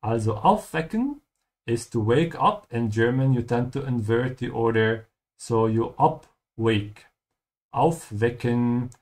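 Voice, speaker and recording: A man teaching German through a game playthrough, patiently explaining words and repeating them slowly. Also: medium pitch, a little mellow. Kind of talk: game playthrough language lesson.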